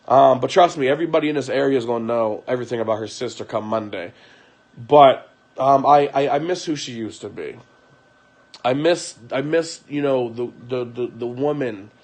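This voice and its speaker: A young man live-streaming from home, talking in a weary, aggrieved way, halting and repeating his words. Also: medium pitch, a little mellow. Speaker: livestreamer. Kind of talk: emotional live-stream monologue.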